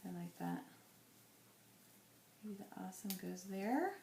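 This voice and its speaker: A woman in her thirties, chatty and rambling as she thinks aloud while scrapbooking, her voice going a little hoarse. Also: mid-range voice, animated, slow, a little mellow, reverberant, slight background noise. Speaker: scrapbooking vlogger. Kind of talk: casual crafting chat.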